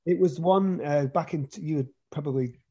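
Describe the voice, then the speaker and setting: British man, actor guest, casual interview, slightly high voice, frequent restarts. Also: normal speed, dark tone, slightly rough, muffled recording. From Britain. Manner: rambling with many restarts.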